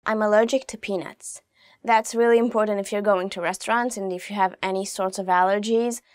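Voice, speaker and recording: A chatty young woman hosts a casual video language lesson, pausing to say each phrase slowly and clearly. Her voice sits at a middle pitch and is recorded close up with a dry sound. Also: fairly even intonation, dry recording. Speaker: language teacher, show host.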